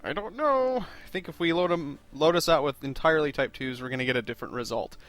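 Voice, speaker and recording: A man's voice: mid-range voice, fast talker, a bit bright. A man hosting a let's-play video, talking casually and rambling through his plans in a self-deprecating way. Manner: chatty, rambling and self-deprecating, with frequent fillers. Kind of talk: casual gameplay commentary.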